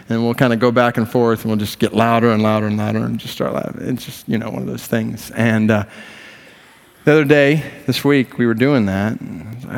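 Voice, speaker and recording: A man preaching a sermon as pastor, slow and emphatic, moving from hushed tones to impassioned rises. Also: mid-range voice, steady tone. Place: church sanctuary. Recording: long reverb of a large hall.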